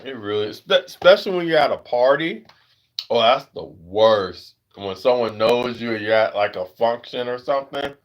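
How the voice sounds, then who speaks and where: A man's voice: medium pitch, expressive, moderate pace. Rambling American man on a dull lo-fi stream. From United States. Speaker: livestream host. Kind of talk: casual livestream chat.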